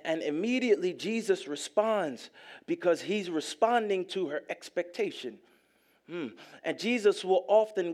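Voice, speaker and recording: A male pastor preaching a sermon, emphatic and repetitive, rising at times to shouts. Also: sits high.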